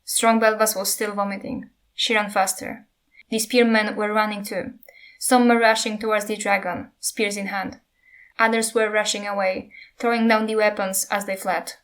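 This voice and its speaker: A woman narrating a passage from a fantasy novel in a steady, even storytelling manner. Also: medium pitch, normal speed. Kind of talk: reading a novel aloud.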